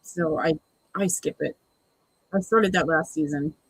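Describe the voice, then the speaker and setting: Watch-party host, husky mid-range voice, dry exasperated sarcasm. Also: mid-range voice, measured pace, dry recording, rough recording. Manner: exasperated, sarcastic, mimics the cast. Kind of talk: casual live watch-along commentary.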